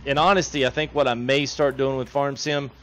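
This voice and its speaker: A man's voice: medium pitch, steady tone, brisk, a bit bright, slight background noise. A man, chatting casually on a live game stream, reading chat and laughing often. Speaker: gaming streamer.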